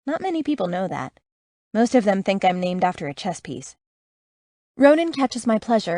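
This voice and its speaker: A woman narrates a first-person story with a sarcastic, self-assured tone. Her voice sits at a middle pitch. It is recorded close to the mic in a dry space with no echo. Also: darkish tone. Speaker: audiobook narrator.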